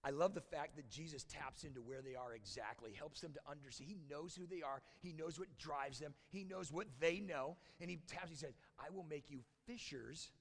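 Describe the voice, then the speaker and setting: A man preaching a conversational sermon as a church pastor, often dropping to a hushed, intense tone. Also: a little high, normal speed, hardly any pauses, big-room sound. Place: church sanctuary.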